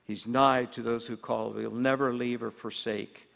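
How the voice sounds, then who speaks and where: A man preaching a sermon as pastor, earnest and emphatic, slowing down to stress key words. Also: medium pitch, level tone, creaky, fairly bright tone. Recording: long hall reverb.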